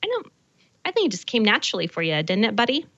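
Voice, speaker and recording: A woman's voice: a little high, huge pitch swings, fast talker, fairly bright tone, no room sound, muffled recording. A woman in her forties from Colorado, co-hosting a show in casual chat, talking chattily with many fillers. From Colorado, USA. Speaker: show co-host.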